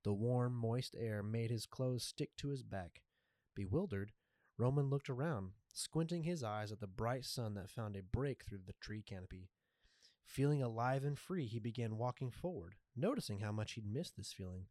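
A man reading a story aloud in a measured, even way. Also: mid-range voice, no echo. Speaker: narrator. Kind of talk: scripted story narration.

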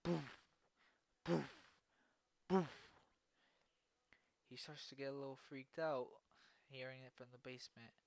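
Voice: medium pitch, little pitch movement, brisk, no echo. A podcast host narrating a spooky story in an improvised way, with spoken sound effects and frequent restarts.

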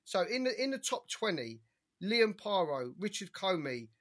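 A young man holds forth on boxing in a relaxed podcast chat, high in pitch and bright in tone. There is a husky edge to his voice as he stacks up opinions and reels off lists of fighters. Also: moderate pace. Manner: animated, opinionated, rattles off names. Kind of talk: casual chat.

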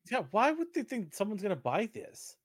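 A man co-hosting a podcast in casual chat, opinionated and quick to argue his point. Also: sits high, huge pitch swings, dry recording, clean studio sound. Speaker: podcast co-host.

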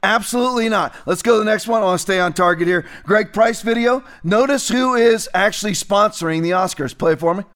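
A man's voice: high voice, fairly quick, hardly any pauses, a bit bright. A man hosting a political commentary show, talking emphatically and repeating phrases for stress.

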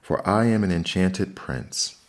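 A man's voice: sits low, animated, unhurried. A man voicing an enchanted talking fish who speaks in short, magical pronouncements in a storybook reading. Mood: pleading, obliging.

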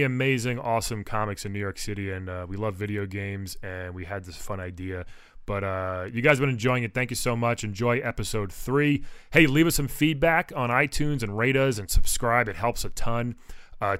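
A man hosts a casual comedy podcast, upbeat and quick to laugh. His tone is bright and forward at a middling pitch. He stumbles through fillers as he talks. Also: smooth, dry recording, studio quality.

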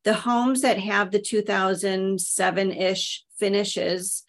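A woman's voice: medium pitch, steady tone, slow. A woman real estate agent talking casually, explaining the market with lots of "you know" fillers. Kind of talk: casual panel conversation.

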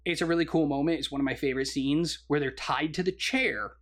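Excitable man retelling movie scenes. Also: on the high side, fast talker. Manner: enthusiastic, laughs often, acts out movie lines. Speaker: podcast co-host. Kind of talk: casual movie review chat.

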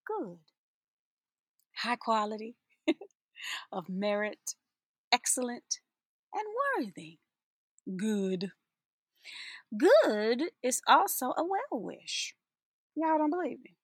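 A sassy, playful woman delivers an inspirational spoken-word monologue with a husky, breathy edge to her fairly high voice. She takes her time, drawing out words for emphasis and laughing often. The sound is close and dry. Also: very animated, slow pace, pauses often, dry recording. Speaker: teacher.

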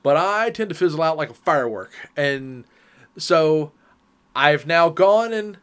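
A man co-hosting a casual chat, telling stories in an animated, teasing way. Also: fairly high pitch, measured pace, smooth. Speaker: podcast co-host.

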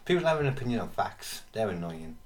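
A man co-hosting a casual podcast, rambling with pauses and restarts. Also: on the low side, big pitch swings, distant mic. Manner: rambling, many fillers and restarts. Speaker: podcast co-host. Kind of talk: casual chat.

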